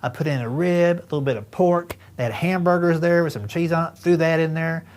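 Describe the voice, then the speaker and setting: A man's voice: a little high, fairly even intonation, brisk. Folksy man in his fifties doing stand-up. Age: 50s. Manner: folksy storytelling, acts out dialogue with friends and doctor. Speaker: stand-up comedian. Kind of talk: stand-up comedy routine.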